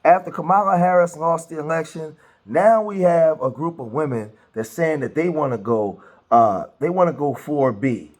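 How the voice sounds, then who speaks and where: Man, high voice, chatty reaction commentary, many fillers. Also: expressive, moderate pace. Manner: chatty, many fillers and repeats, laughs often. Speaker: commentary host reacting to clips.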